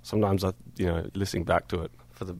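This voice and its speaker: An Australian musician from Perth talking loosely in a radio studio interview, with lots of fillers and easy laughter. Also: male voice, deep voice, steady tone, quick pace, darkish tone, dry recording. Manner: laid-back, rambling, many fillers and laughs. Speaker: guest musician.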